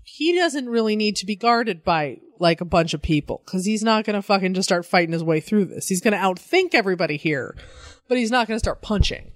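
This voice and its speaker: A woman of middle pitch co-hosting a comic book podcast in casual chat. She is sarcastic and swears freely. Her voice is dry and close, with no room sound. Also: animated, a little fast, no room sound. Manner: sarcastic, profane, laughs often.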